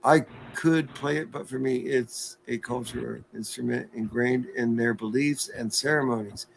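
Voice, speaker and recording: A man's voice: medium pitch, a little slow, creaky, slight background noise. A man hosting a livestream, chatting casually, joking and laughing as he reads viewer comments. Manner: jokey, laughs often, plays with words. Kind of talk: casual chat.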